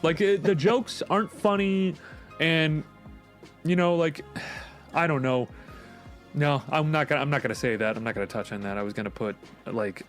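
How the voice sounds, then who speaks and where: Dude on a podcast, swears a lot, rambles, laughs, faint music under it. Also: male voice, on the high side, normal speed. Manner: profane, rambling, laughs often. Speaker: podcast co-host. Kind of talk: casual chat.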